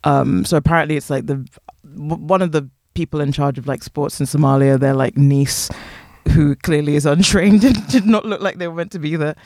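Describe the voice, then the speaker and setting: A man co-hosting a casual chat, gossiping excitably in slang. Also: fairly high pitch, fairly quick, dry recording, studio quality. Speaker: podcast co-host.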